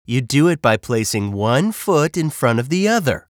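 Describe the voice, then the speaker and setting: A man's voice: fairly low pitch, lively intonation, slow pace, no echo, studio quality. A man voicing a grumpy, short-tempered bird in a storybook read-aloud, with sarcastic retorts. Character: grumpy bird, sulky and snappish.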